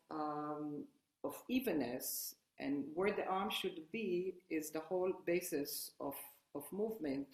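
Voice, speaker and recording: A woman piano teacher explaining technique while she demonstrates at the keyboard, with halting restarts. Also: low-pitched. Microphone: online workshop, single room mic. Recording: roomy sound with loud piano playing. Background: piano playing.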